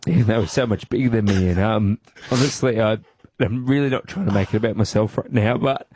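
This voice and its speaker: An Australian man hosting a radio show, speaking in a halting, tearful way with many restarts as he pays tribute to his friend in the studio. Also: lowish voice, a little mellow. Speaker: radio host. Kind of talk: emotional on-air tribute. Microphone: studio microphone.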